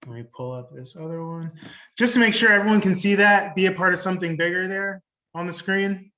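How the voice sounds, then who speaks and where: Bright-voiced man pitching over video. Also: fairly quick. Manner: relaxed, joking while setting up. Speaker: presenter pitching a deal. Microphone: video call.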